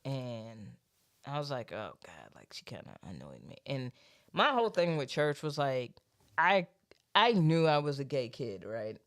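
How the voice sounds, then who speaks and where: A woman's voice: very deep voice, very animated, a little slow. A woman hosting a podcast, telling a church story in casual chat, swearing freely and laughing often. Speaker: podcast host.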